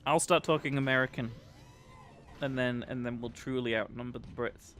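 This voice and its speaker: A man's voice: medium pitch, steady tone, normal speed, a bit bright, slight background noise. A man with a British accent giving rambling, casual commentary while livestreaming a game. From Britain. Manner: chatty, rambling, with many fillers. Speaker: livestream gamer.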